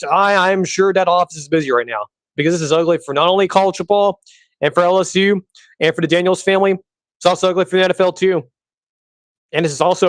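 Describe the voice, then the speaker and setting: A man's voice: fairly high pitch, no echo. A man hosting a solo sports podcast, ranting angrily and with profanity, often repeating himself. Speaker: podcast host. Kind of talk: heated solo podcast rant.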